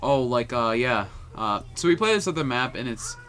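A young man chats through a game in a crisp, bright voice. He talks in jittery bursts and trips over his words, and he sounds on edge the whole time. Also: medium pitch, expressive, normal speed. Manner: jumpy and stammering, nervous. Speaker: gaming channel host. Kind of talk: casual let's-play chat.

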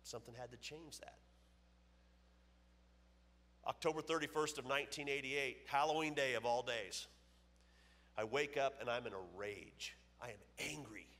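A man's voice: mid-range voice, normal speed, pauses often, a bit bright. A man in his fifties giving a personal testimony as a guest speaker at a church, telling his story emphatically and acting out the dialogue. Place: church auditorium. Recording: long reverb of a church hall.

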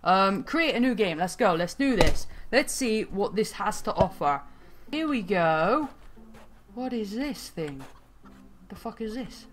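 A woman hosting a gaming channel, giving excitable let's-play commentary, swearing freely and laughing often as she plays. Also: medium pitch, unhurried, noisy background.

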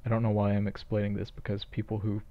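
A man's voice: on the low side, completely flat delivery, fast, highs cut off. A man casually commentating a playthrough of a game he made, with offhand, self-mocking asides. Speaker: game creator commentating his own game.

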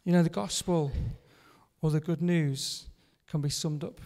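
A man preaching a sermon in church, earnest, repeating a solemn refrain and often dropping to a softer voice. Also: a little high, fairly even intonation, unhurried. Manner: earnest, repeating a refrain with drops to a soft hush. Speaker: pastor. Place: church hall. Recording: long reverb of a church hall.

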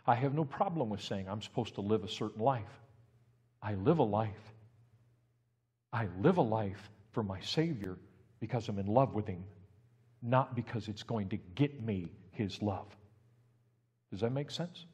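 A male pastor preaching a sermon, building from steady talk to loud, emphatic peaks. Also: fairly low pitch, a little slow, long pauses, husky. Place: church sanctuary. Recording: reverberant church hall.

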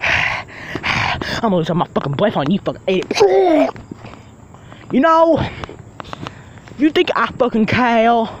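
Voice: medium pitch, sing-song, slow, long pauses, muffled recording, a little hiss or hum. A performer voicing a foul-mouthed, furious male villain who rants and threatens in a fan-made machinima. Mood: raging. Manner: ranting, swearing, threatening.

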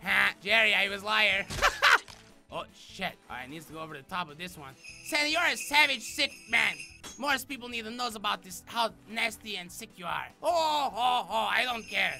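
Gaming commentator, male; high, rough voice, wildly animated, broken-English bit, yelling and cursing. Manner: deliberately broken English, frequent shouting and swearing. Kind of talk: excitable game commentary. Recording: music under the voice. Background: background music.

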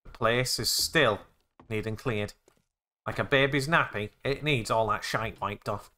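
A young man playing a zombie game, excitable and jokey, narrating his actions with "I said". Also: on the low side, measured pace. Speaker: gaming YouTuber.

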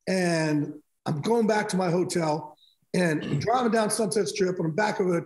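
Middle-aged man telling stories, high and roomy. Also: normal speed. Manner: animated, re-enacts conversations in quotes. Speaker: guest, sports broadcaster. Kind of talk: casual interview storytelling. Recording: echoey room.

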